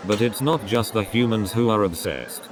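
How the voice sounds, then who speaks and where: A man with a fairly low voice delivers a stand-up comedy routine, stringing one rambling setup after another with the same catchphrases. A clear crowd hum sits behind him. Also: moderate pace.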